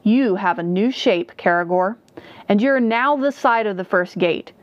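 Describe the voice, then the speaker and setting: A woman's voice: mid-range voice, unhurried, no room sound, lightly acted. Woman doing a stern necromancer guy, grave and firm, dull dry audio.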